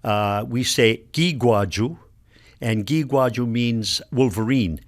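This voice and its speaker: A man's voice: mid-range voice, moderate pace. Older man from Nova Scotia, linguist guest; patient, methodical explainer. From Nova Scotia, Canada. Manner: patient, explains word by word with examples. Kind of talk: explanatory radio conversation.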